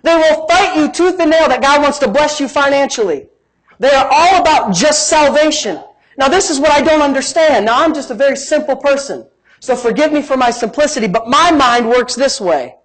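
A middle-aged man preaching a sermon as pastor, animated, moving between quiet asides and emphatic rising lines. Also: extremely high pitch, moderate pace, poor audio.

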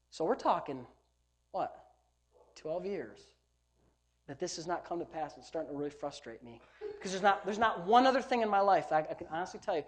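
A man, a pastor preaching a sermon, telling stories with loud bursts and hushed asides. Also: a little high. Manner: animated storytelling, swings between loud bursts and hushed asides.

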